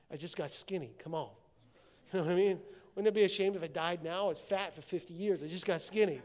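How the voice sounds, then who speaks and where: A male pastor preaching a sermon, swinging from shouted declarations to hushed, low passages. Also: fairly quick. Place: church sanctuary. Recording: long church-hall reverb.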